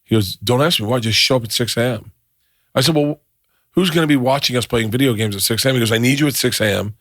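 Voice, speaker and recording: A middle-aged podcast host talks fast in a mid-range voice, captured in a dry, studio-quality recording. Animated and casual, he tells stories and plays both parties in the conversations, phone calls among them.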